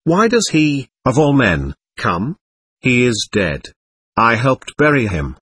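A man reading the part of a guilty, panicked man who has just died, with a slightly husky voice. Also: mid-range voice, huge pitch swings, slow, a bit bright, no room sound, full character voice. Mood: frantic. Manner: frantic, pleading.

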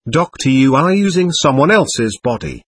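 A man reading aloud the lines of a calm male doctor who instructs and guides spirits, in a plain, instructive way. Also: mid-range voice, normal speed, slightly rough. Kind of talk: reading a séance transcript aloud.

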